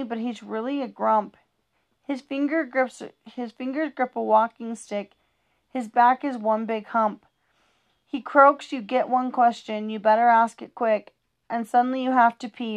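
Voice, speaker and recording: A woman reading humorous rhyming children's poems aloud in a playful, sing-song rhythm. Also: on the high side.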